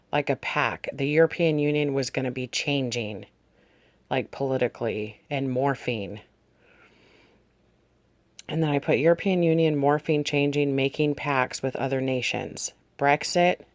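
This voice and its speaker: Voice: medium pitch, no echo. A vlog host casually recounting dreams and visions from a notebook, wandering and correcting themselves while talking straight to viewers. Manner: meandering, self-correcting, addresses viewers directly. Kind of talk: casual spoken testimony read from a notebook.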